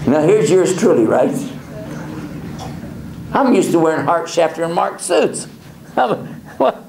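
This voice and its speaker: A male preacher telling a personal story in a lively way, chuckling and acting out the dialogue. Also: fairly high pitch, takes it slowly, vocal fry, pauses often. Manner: animated, chuckles often, acts out dialogue. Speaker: Islamic preacher. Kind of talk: storytelling lecture. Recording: echoey hall with faint ambience.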